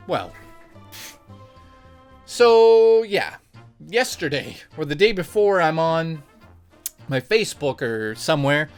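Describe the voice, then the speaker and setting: A young man with a fairly high voice tells a story straight to his viewers. He is animated and jokey, his voice jumping up whenever he gets excited, with faint music playing underneath. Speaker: YouTuber. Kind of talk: casual storytelling vlog.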